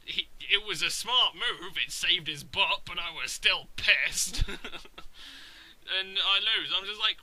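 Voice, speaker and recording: A young man talks through his game battles in loose, chatty commentary. His voice sits a touch high and sounds very bright and edgy. He swears often and rambles with fillers as he gets excited. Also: unhurried, low-quality recording. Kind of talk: casual gameplay commentary.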